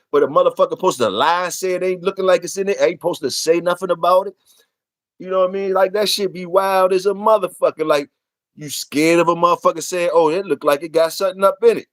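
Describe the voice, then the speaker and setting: A man's voice: sits high, no room sound. A man, hosting a casual livestream, ranting in a profane, repetitive and emphatic way. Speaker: livestream host.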